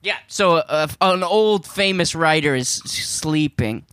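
Man playing a goofy slasher villain, rambling improv, slightly high, bright. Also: expressive, a little slow, smooth, dry recording. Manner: rambling, laughs through his own ideas. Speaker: guest in character. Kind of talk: improvised comedy interview.

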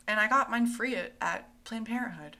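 A woman's voice: on the high side, normal speed, bright, forceful tone. A young woman co-hosting a podcast, chatting casually and enthusiastically. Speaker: podcast co-host. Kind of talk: casual chat.

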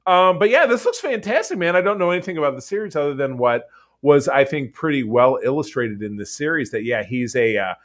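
A man's voice: a little high, brisk. A man co-hosting a casual podcast chat, enthusiastic and rambling, often restarting his sentences. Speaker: podcast co-host.

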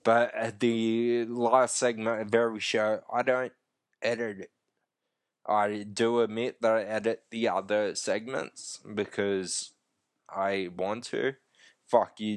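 Slow, croaky podcast host. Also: male voice, lowish voice, no echo, studio quality. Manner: rambling, profane, self-interrupting. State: croaky throat. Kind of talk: unedited casual monologue.

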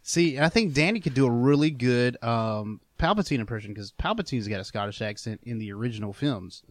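A man's voice: mid-range voice, lively intonation, a little fast, no room sound. Man hosting a casual chat. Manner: inquisitive, prompts the others with questions. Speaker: podcast host.

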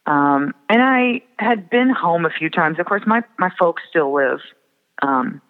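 A man from the Fargo area, a songwriter guest, talking reflectively with many pauses and fillers. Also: fairly high pitch, animated. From Fargo area, Minnesota. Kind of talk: casual interview. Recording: tinny phone line with long reverb.

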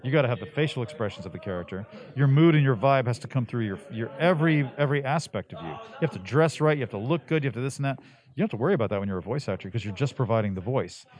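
A man's voice: mid-range voice, racing. Laid-back man talking shop. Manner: animated, laid-back, rambling with restarts. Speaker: voice actor guest. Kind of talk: casual interview talk.

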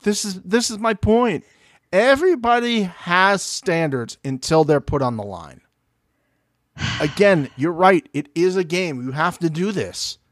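A man co-hosting a casual reality TV recap podcast, animated and profane, acting out the show's people in quoted voices. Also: high-pitched, measured pace, dry recording. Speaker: podcast co-host.

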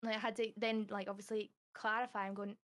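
A woman's voice: medium pitch, flat delivery, quick pace, fairly bright tone. A young woman guest on a podcast, speaking candidly and at length in a rambling, casual way, full of "like" fillers. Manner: acts out quoted dialogue.

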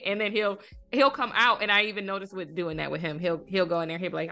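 A woman's voice: lowish voice, normal speed, creaky, bright, forceful tone, faint music behind. A woman hosting a podcast interview in a chatty, casual way, with many filler words and easy laughter. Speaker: podcast host.

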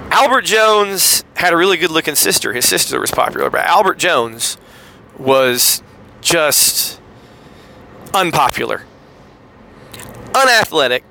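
Bright-voiced, sarcastic man. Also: creaky, slight background noise, rough recording. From Southeastern United States. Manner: wry, sarcastic storyteller with lively pitch swings. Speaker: podcast host. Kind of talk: casual storytelling monologue.

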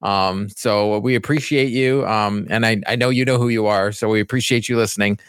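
A married man co-hosting a casual podcast, telling an anecdote in an animated way. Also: fairly low pitch, brisk, clean tone, dry recording, clean studio sound. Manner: storytelling, animated retelling. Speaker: podcast co-host.

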